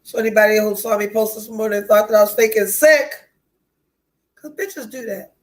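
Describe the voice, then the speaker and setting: A woman's voice: mid-range voice, normal speed, rough recording. A woman hosting a podcast, talking candidly and bluntly with frequent swearing, her nose stuffed up from a cold. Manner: blunt, profane, emotionally open. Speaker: podcast host.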